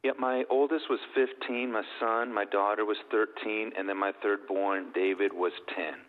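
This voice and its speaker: A middle-aged man tells his story with earnest, heartfelt warmth in a fairly low voice. The sound is narrow and tinny, as if over a phone line, and a long reverb trails behind his words. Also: steady tone, moderate pace. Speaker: guest. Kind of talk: personal testimony.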